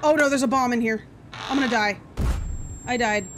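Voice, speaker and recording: A woman hosting a video game let's play, excitable and quick to yell and swear at the game. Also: on the high side, background noise. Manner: excitable, yelps and shouts at the game; swears freely.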